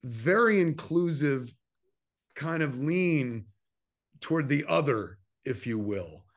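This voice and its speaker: A man in his fifties from New Jersey, a filmmaker telling a long personal story in a casual interview. He swears freely and acts out quoted dialogue in animated bursts. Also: on the high side, slow pace. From New Jersey, USA. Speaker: filmmaker guest.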